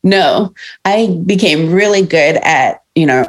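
Female guest, lower pitch, animated anecdotes with quoted voices. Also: takes it slowly. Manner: lively storytelling, acting out quoted dialogue. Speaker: pediatric audiologist and chef. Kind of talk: podcast interview.

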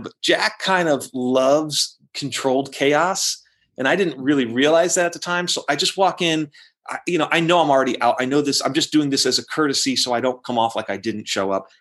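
Profane, animated rock guitarist telling stories. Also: male voice, medium pitch. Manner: animated, profane, acts out quotes in raised voice. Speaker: interview guest, rock guitarist. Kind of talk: casual storytelling interview.

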